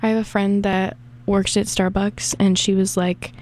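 Southern girl dj rambling between songs, chatty and offhand, middle-pitched voice. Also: level tone, unhurried, darkish tone. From American South. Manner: rambling, chatty, self-deprecating. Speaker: radio DJ. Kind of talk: casual radio DJ chat between songs.

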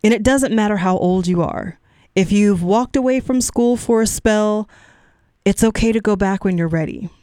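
Speaking into a studio microphone in a radio studio, a middle-aged woman hosting a music show chats between songs, warm and encouraging but prone to wandering off topic. Her voice is medium-pitched and dark-toned at a moderate pace, with studio-quality, echo-free sound.

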